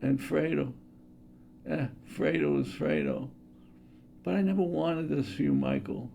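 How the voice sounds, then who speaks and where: A man in his sixties voicing an aging mafia patriarch in a raspy, mumbling voice that swings in pitch. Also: wildly swooping pitch, a little slow, warm tone, slight background noise, exaggerated voice. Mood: weary.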